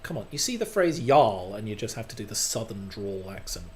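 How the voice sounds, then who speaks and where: A man's voice: lowish voice, very animated, a little fast, few pauses. A man hosting a gaming channel, giving casual playthrough commentary while mocking himself and swearing freely. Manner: self-deprecating, swears freely.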